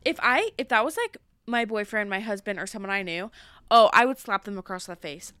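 Bright, ranting young woman podcaster. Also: mid-range voice, fairly quick, smooth, no room sound, clean studio sound. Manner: animated, heated ranting with rising outbursts. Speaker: podcast co-host. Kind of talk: casual chat.

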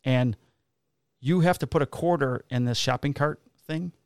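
A man's voice: medium pitch, moderate pace, creaky, no echo. A man, a police officer casually telling profane stories and acting out the dialogue. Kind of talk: casual storytelling chat.

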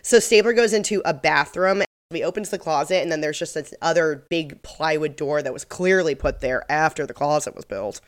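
A podcast co-host with a low voice chattily recaps a TV episode's plot, tossing in amused asides and frequent "like" fillers. She talks at normal speed with hardly any pauses.

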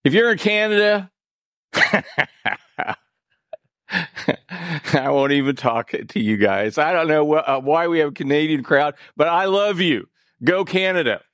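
A man's voice: fairly high pitch, lively intonation, measured pace, pauses often, fairly bright tone, no room sound, clean studio sound. A man from Indiana preaching a sermon as pastor, folksy and joking with the congregation in a church. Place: church sanctuary.

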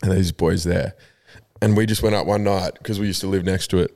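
An Australian man co-hosting a podcast in loose, casual banter. His voice sits low. He talks in animated, rambling stories and swears freely. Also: brisk. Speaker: podcast co-host.

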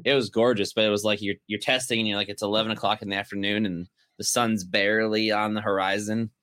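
A man with a lowish, fairly flat voice talks fast, his tone slightly bright, in an echo-free studio recording. Co-hosting a casual podcast chat, he rambles, full of fillers and restarts.

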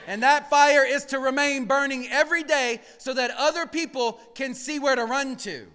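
A male pastor preaching a sermon in a church. He drops to hushed murmurs, then rises to shouted emphasis, and calls on the congregation to answer back. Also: very high voice, steady tone, normal speed, hardly any pauses, in a large hall. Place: church sanctuary.

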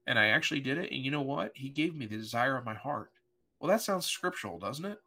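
A man's voice: medium pitch, animated, fast, vocal fry, pushed and bright. A middle-aged man, a pastor, telling a personal story in an earnest, emotional way during a podcast conversation. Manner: earnest, emotional, vivid retelling with voiced quotes.

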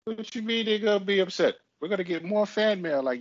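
A man's voice: high-pitched, expressive, brisk, no echo. Guy cohost ribbing his buddy, plain mid voice, dry muffled sound. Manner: teasing, blunt ribbing. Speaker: podcast co-host. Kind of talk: casual banter. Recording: dry, dull lo-fi audio.

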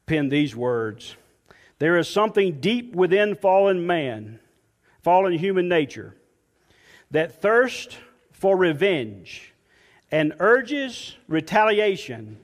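Slow, high-voiced preacher in a reverberant hall. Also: male voice. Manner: slow, emphatic preaching, dropping soft and low on quoted scripture. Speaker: pastor. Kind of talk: sermon.

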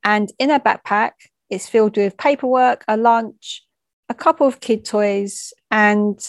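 In a frank, plain, mid-pitched voice, a woman tells a first-hand story a little slowly, adding conversational asides and occasionally stumbling. The sound is dry and close.

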